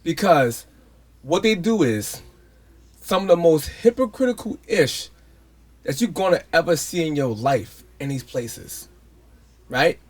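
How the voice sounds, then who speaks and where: A man's voice: fairly high pitch, expressive, measured pace, long pauses. A man co-hosting a podcast, commenting bluntly and sarcastically in casual talk. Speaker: podcast co-host.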